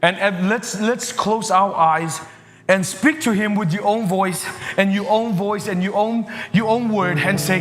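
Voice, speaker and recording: A man giving an animated, halting sermon to children, with non-native phrasing. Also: high voice, long reverb tail, over loud music. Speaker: children's ministry preacher.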